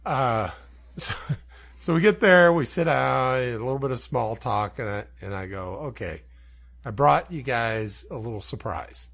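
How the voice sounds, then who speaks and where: A man's voice: medium pitch, a little slow, gravelly. A man co-hosting a podcast, telling a story in a casual, laughing way. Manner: laughing, animated anecdote telling. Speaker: podcast co-host.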